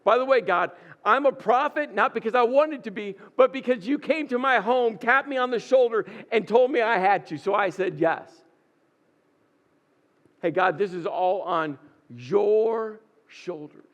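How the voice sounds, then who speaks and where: A man's voice: high-pitched, takes it slowly, muffled recording. A man voicing an exasperated, defensive male prophet who pleads his case and stresses his words. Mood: insistent.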